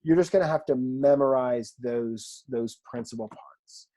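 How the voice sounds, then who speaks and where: Mellow-voiced man teaching a lesson. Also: mid-range voice, unhurried. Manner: relaxed, chatty, with many fillers and asides. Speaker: Greek teacher. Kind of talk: recorded online language lesson. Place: home room with a record player.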